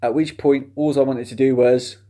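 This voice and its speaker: Guy rambling through a film review, dry and sarcastic, mid-pitched voice. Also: fairly even intonation, moderate pace, warm tone. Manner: chatty and sardonic, mocking the plot. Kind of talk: casual spoken film review.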